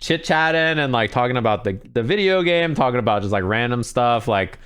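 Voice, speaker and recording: Laid-back man, smooth clear voice. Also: medium pitch, expressive, fairly quick, fairly bright tone. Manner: laid-back, candid, self-deprecating. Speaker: fighting game commentator, guest. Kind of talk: casual interview chat.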